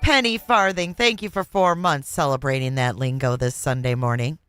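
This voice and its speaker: A woman's voice: extremely low pitch, normal speed, fairly bright tone, faint music behind. A woman hosting a live reaction stream, amused and playful as she thanks viewers and reads their comments. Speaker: livestream host.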